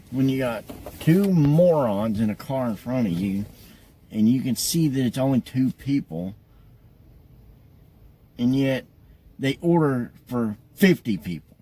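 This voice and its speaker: A man's voice: medium pitch, dark tone. A man vlogging from his car, ranting and swearing freely in a casual way. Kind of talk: casual vlog while driving. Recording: car noise behind the voice.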